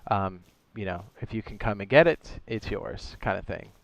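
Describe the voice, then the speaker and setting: A man hosts a casual game live stream. His voice is smooth and resonant, and the recording is close and dry. He chats easily, reads out viewer messages and often stops to correct himself. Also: on the low side, animated, normal speed, no echo. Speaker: streamer and server host.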